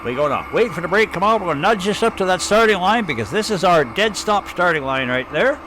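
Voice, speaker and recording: A man's voice: sits high, lively intonation, brisk, noisy background. Chatty man with an Ottawa Valley accent. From Ottawa, Canada. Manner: rambling, chatty, thinking aloud. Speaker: live streamer. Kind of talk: live gameplay commentary.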